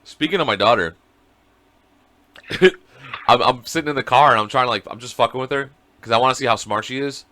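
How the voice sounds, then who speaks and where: A man's voice: mid-range voice, fairly quick, pauses often. A man in his thirties, co-hosting a podcast over a video call, telling crude stories and acting out voices. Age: 30s. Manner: animated, crude storytelling with voices for his child. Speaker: podcast co-host. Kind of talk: casual chat.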